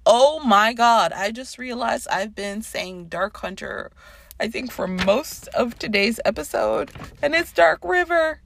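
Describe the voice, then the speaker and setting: A woman in her thirties hosting a casual podcast, chatty and animated, swearing and going off on tangents. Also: a little high, unhurried, gravelly, a little hiss or hum. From Canada. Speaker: podcast host. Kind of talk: casual chat.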